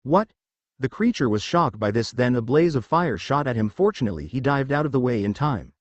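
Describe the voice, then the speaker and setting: A man narrates a fan fiction story, reading steadily through the action at a slightly fast pace. His pitch is lively, and the sound is dry, close, and muffled, with no room around it.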